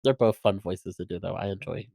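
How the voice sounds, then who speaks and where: Low-voiced woman chatting hesitantly. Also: brisk, gravelly, mellow, no echo. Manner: hesitant, filler-heavy. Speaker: voice actor guest. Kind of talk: casual podcast chat.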